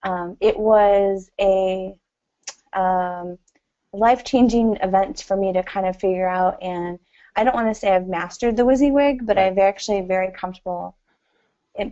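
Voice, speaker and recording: A woman's voice: medium pitch, mellow. Chatty woman guest on lo-fi audio. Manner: chatty, rambling, many "you know" fillers, laughs often. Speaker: interview guest. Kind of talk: casual conversational interview.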